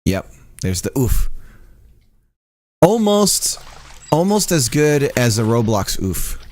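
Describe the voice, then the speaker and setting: A man's voice: medium pitch, sing-song, slow, darkish tone, no echo. Chatty jokey man streaming a game. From United States. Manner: chatty, jokey, laughs often. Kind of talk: casual gameplay commentary.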